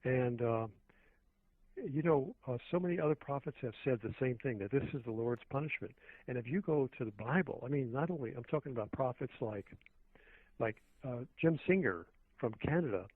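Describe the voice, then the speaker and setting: A man calls in as a talk radio guest and rambles on earnestly, restarting his sentences as he goes. His voice sits at an ordinary pitch, and it comes through a thin, tinny phone line with a dry sound. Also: lively intonation, moderate pace, no echo.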